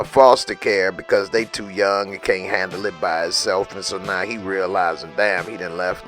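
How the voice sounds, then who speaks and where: Slangy man recapping a TV episode. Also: low voice. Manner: slangy, lively retelling with quoted lines. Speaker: TV recap reviewer.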